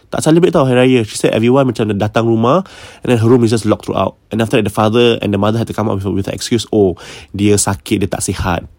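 A man with a Malaysian English accent tells a spooky story in a casual, chatty way. His voice sits a little low, and he drops to a hush when the story turns scary. The sound is dry and close, with no room around it. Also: creaky, no echo.

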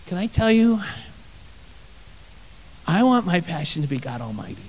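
A man's voice: fairly high pitch, very animated, normal speed, long pauses, in a large hall, low-quality recording. A man, a pastor, preaching a sermon. He tells personal stories earnestly and with energy, and he repeats his phrases for emphasis.

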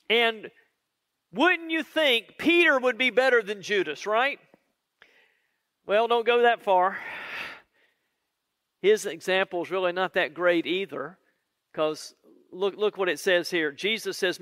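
High-voiced preacher, slow and earnest. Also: male voice, a bit bright, no room sound, studio quality. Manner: earnest, conversational, drawn-out pauses. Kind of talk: sermon.

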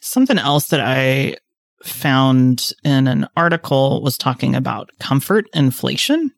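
A man co-hosting a casual chat, explaining ideas in a measured way and turning questions to the others. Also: medium pitch, animated, vocal fry, dry recording, studio quality.

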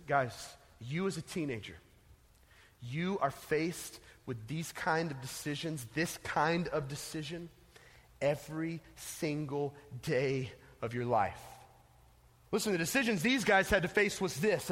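A man's voice: a little high, a little slow, fairly bright tone, breathy edge. A man preaching a casual, emphatic sermon to teenagers as a youth pastor, telling a story, in an echoey hall.

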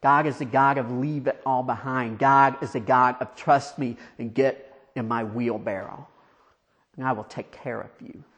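A man preaching a conversational, storytelling sermon, asking his listeners questions and dropping quiet for emphasis. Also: mid-range voice, fairly even intonation, normal speed, lo-fi sound.

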